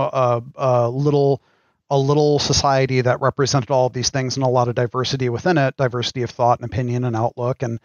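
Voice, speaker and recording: A middle-aged man, a game designer, answering interview questions in a thoughtful, halting way with frequent ums. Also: medium pitch, dry recording, muffled recording. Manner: thoughtful, pauses with many ums. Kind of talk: casual podcast interview.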